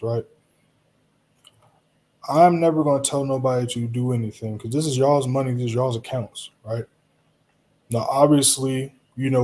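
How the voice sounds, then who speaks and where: A man hosting a live stream in a relaxed, reassuring way, chatting to viewers and answering their comments. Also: medium pitch. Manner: relaxed, reassuring, talks straight to viewers with frequent "you know" and "right?".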